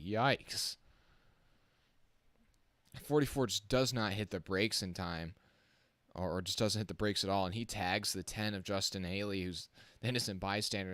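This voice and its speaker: An excitable man calls a race live on his stream, reacting on the fly and chatting with his viewers. His voice sits fairly low. The sound is dry and close. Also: no room sound.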